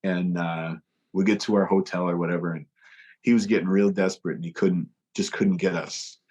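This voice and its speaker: A man with a fairly low voice tells a tour story in relaxed conversation. He gets animated and pops into a higher voice to act out what others said. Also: normal speed. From United States. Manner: animated, acts out quotes in a higher voice. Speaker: podcast guest, touring musician. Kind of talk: casual storytelling.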